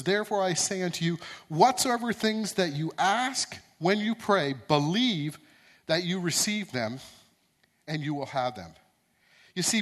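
A man with a notably high voice delivers a sermon. He is earnest and stumbles into repeated words, then builds toward emphatic, rising peaks. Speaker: preacher.

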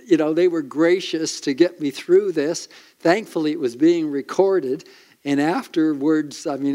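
A man preaching a sermon as pastor, earnest and emphatic, with dramatic pauses. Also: a little high, a little mellow.

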